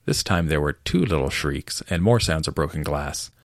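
A man reading a storybook aloud as narrator in an expressive, measured way. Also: rumbling low, no echo, studio quality.

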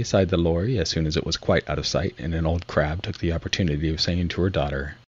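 Deep, husky male storybook narrator. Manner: steady, measured reading aloud. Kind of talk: storybook reading. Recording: slightly muffled recording.

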